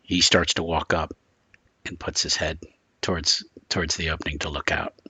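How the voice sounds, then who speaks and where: A man's voice: very deep voice, flat delivery, normal speed, pushed and bright, husky, no room sound. A man running a tabletop horror game as game master, describing scenes in a loose, rambling way full of filler words.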